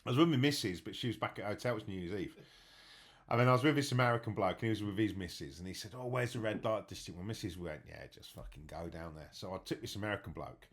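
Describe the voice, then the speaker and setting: A man's voice: on the low side, quick pace. A man hosting a podcast, telling crude stories in casual banter. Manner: crude, animated storytelling. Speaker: podcast host.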